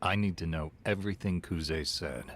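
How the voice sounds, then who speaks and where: A grave gang lieutenant. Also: male voice, low voice. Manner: calm, measured, grave. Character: serious middle-aged male crime-family lieutenant. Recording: game audio with faint noise.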